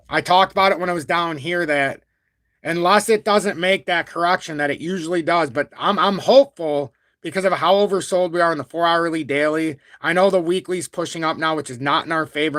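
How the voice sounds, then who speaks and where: A man hosting a chatty crypto live stream, with a fairly high voice that sounds close and dry. He is blunt and talks a lot, but stays calm and even-toned even when annoyed. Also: no echo. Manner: talkative and blunt, reads super chats aloud. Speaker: crypto livestream host. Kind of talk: live-stream market commentary.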